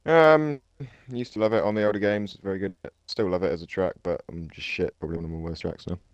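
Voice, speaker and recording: A man's voice: sits low, quick pace, no room sound, highs cut off. A man in a casual chat among sim racers, offhand and self-deprecating. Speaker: sim racing driver.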